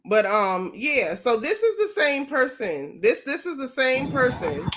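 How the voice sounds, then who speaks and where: A woman's voice: sits high, very animated, unhurried, fairly bright tone. A woman from Florida hosting a casual gossip vlog, chatty and mocking as she comments on clips.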